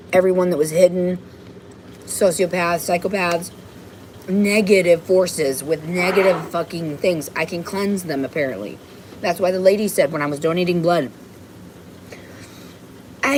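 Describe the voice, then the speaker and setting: A woman's voice: on the low side, moderate pace, darkish tone, a little hiss or hum, poor audio. A woman on a rambling livestream from her home, ranting and swearing in an agitated way. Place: home, indoors.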